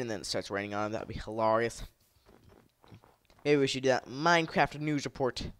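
A man giving casual gameplay commentary, excitable, shouting at the game, laughing often and rambling to himself in between. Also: medium pitch, quick pace, dry recording. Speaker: gamer.

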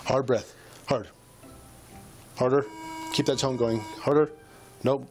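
A man's voice: mid-range voice, steady tone, slow pace, over music. A male police officer coaching a suspect through a breath test with short, repeated commands. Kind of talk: bodycam field recording.

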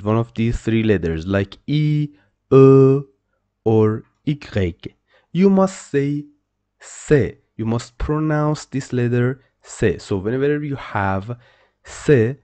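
A man teaching French pronunciation to beginners, speaking slowly and repeating each example word several times. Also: mid-range voice, dark tone. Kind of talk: slow, repetitive pronunciation lesson.

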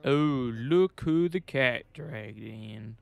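A man's voice: medium pitch, expressive, very slow, gravelly, dry recording, heavily acted. A man doing a sarcastic police sergeant. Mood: teasing.

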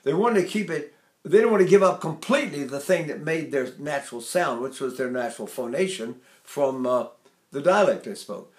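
A man's voice: a little high, lively intonation, moderate pace. Older male voice teacher, echoey room. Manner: rambling, demonstrates by singing and mimicking. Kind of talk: vocal lesson talk.

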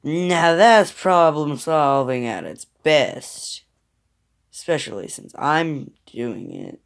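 Slow-talking tired gamer guy. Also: on the high side, animated, creaky. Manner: grumbling at the game, muttering to himself. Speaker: mobile game player. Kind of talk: gameplay commentary. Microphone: phone microphone.

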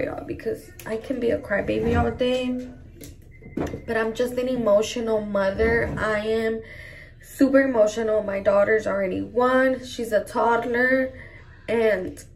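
A woman's voice: fairly high pitch, vocal fry, distant mic, background noise. A young woman and mother vlogging in casual chat to camera, emotional and gushing, often saying "like" and "y'all". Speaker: mom vlogger.

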